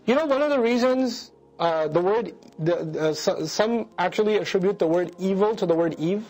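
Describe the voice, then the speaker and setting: A man's voice: high voice, animated, moderate pace, a little mellow, rough recording. A man lecturing on scripture, reciting verses, translating them and putting rhetorical questions to his audience. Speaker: Quran lecturer. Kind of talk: religious lecture.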